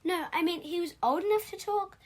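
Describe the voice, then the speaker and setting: A woman's voice: very high-pitched, a little fast, a little mellow. A woman playing a skeptical listener, questioning and nitpicking every detail of the story.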